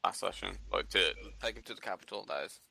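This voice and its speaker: A man playing a tabletop game, speaking in a hesitant, halting way. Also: sits low, creaky, bright, forceful tone, husky, no room sound, rough recording. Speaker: player. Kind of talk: casual tabletop game play.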